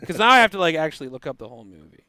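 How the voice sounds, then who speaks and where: A man chatting as a podcast guest, animated and jokey, slipping into quick silly voices. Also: fairly high pitch, smooth. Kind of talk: casual chat.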